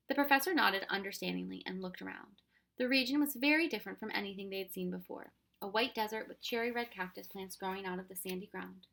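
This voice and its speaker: A woman reading a children's storybook aloud with expressive narration. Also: mid-range voice, fast, vocal fry. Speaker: reader.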